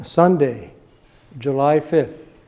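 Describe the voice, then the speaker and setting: An older male pastor delivers a sermon in a mellow, warm-toned voice pitched a little above the usual for a man. He hammers his points home with short, punchy repetitions. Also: extremely slow. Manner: emphatic, repeating short punchy lines.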